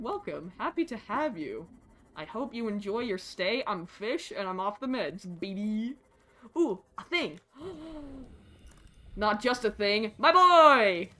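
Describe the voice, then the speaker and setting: A woman streaming a game live, chatting excitably, greeting creatures with squeals and swearing when frustrated. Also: fairly high pitch. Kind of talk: live gameplay stream chat.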